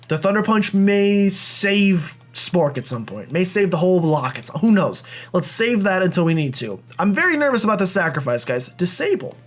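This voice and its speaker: Young guy rambling through a game playthrough, high voice, jokey and self-deprecating. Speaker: let's play host. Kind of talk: game commentary.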